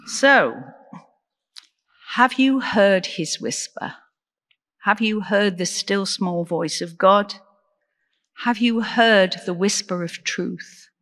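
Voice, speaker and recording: A woman preaches a sermon at an unhurried pace, earnest and measured, often turning to questions for her listeners. Her voice carries a long reverb from the church around her. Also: medium pitch, fairly bright tone. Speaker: deacon preaching.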